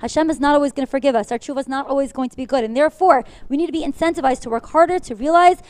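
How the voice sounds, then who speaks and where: Woman lecturer, quick earnest delivery, high voice, dry close sound. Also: a little mellow, no room sound. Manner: fast-talking, apologizes for speaking quickly; earnest, uses many fillers. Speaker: Torah teacher. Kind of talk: class lecture with storytelling.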